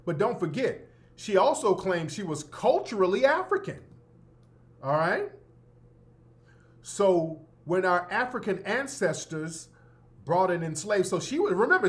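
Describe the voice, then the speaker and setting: A man hosting a radio show, giving brash, sarcastic commentary full of slang and repeating his points for emphasis. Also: sits high. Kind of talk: opinionated talk-radio commentary.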